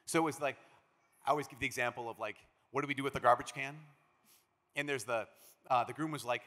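A man from Minnesota, a priest giving a conference talk, an animated storyteller who acts out the quotes he tells. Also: mid-range voice, fast, pauses often. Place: large conference hall. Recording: long reverb of a big hall.

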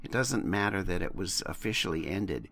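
Gravelly, bright-voiced man co-hosting. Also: sits low, lively intonation, moderate pace. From United States. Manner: impassioned, blunt, swears freely. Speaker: podcast co-host. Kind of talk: casual podcast chat.

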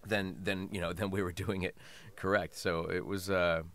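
A man's voice: deep voice, level tone, moderate pace, a bit bright. A man talking as a voice actor guest in a casual interview, chatty and laughing often.

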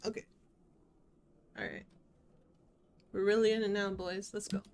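A woman's voice: mid-range voice, steady tone, a little slow, a little mellow, a little hiss or hum. A woman chatting playfully through a video game playthrough, talking to her viewers as she plays. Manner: chatty, playful, talks to chat while playing. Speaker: gaming streamer. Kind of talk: casual let's-play commentary.

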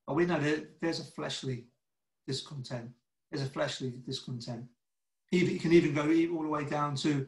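A man teaching a congregation in a loose, conversational way, with a slightly raised pitch. He often stammers and restarts, and slips into acted-out dialogue. The room around him is echoey. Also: fairly quick. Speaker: church teacher. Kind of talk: informal sermon over a video call.

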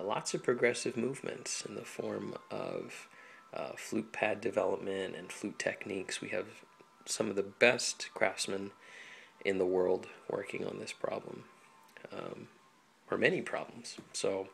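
A man from Hawaii, a flutist, explaining instrument care in a relaxed, chatty home tutorial full of ums and small laughs. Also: on the low side, gravelly, slight background noise. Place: home apartment.

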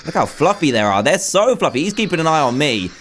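A man hosting a game video, commenting excitedly with frequent gushing exclamations. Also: fairly high pitch, quick pace, slight background noise. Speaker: gaming video host. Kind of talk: let's play commentary.

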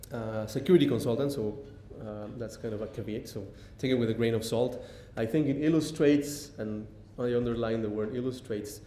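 A man giving a public lecture, pausing often with ums and restarting sentences. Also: a little mellow. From Mexico. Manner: halting, many ums and restarts. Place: lecture hall. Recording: echoey hall, faint rumble.

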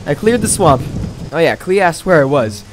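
A man giving excitable let's-play commentary, often breaking into high yelps and laughter. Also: moderate pace, loud music behind the voice. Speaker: gaming video creator. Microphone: new microphone.

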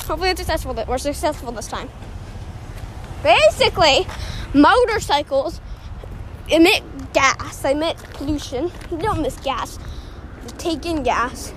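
A young host with a high voice talks while walking outdoors. She rambles in a silly, self-mocking way and is a little out of breath, with faint noise behind her. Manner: silly, self-mocking, jumps between topics. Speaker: podcast host. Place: outdoors on a walk near a road.

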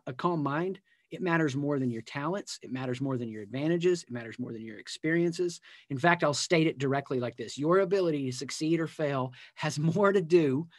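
A man with a slightly higher voice teaches a personal growth session at a live community event. He talks emphatically, repeats his key phrases and builds energy toward his points. The sound is close and dry, with no room echo. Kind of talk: live motivational teaching talk.

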